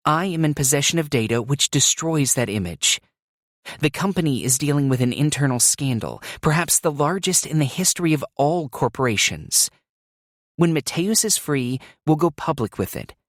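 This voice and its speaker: A determined young woman talks fast and urgently, her voice lifted high and moving a lot. A man acts her out in an audiobook reading. The sound is close and dry. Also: expressive, no echo.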